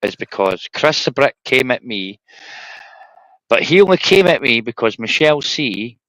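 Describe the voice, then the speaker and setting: A man's voice: mid-range voice, big pitch swings, normal speed, bright, forceful tone, dry recording, rough recording. Sweary Scottish man rambling on a stream. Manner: rambling, sweary, peppered with "right?". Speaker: livestream host. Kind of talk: casual chat.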